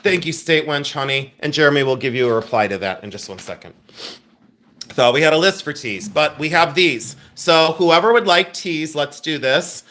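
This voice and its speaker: A middle-aged man runs a live online sale in a chatty, busy way, reading viewer names and orders aloud. His voice is bright and forceful and sits a little high. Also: moderate pace. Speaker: live-stream sale host. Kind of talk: live-stream selling chat.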